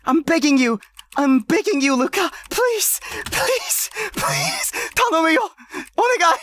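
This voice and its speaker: A man's voice: very high-pitched, sing-song, measured pace, a bit bright, dry recording. A man streaming a party game, panicking and begging his teammates, repeating himself over and over. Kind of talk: frantic live game chatter.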